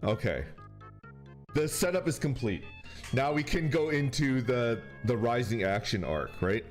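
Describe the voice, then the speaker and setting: A man's voice: medium pitch, animated, a little slow. A man streaming and chatting casually with viewers, telling a rambling story and laughing often. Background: faint background music.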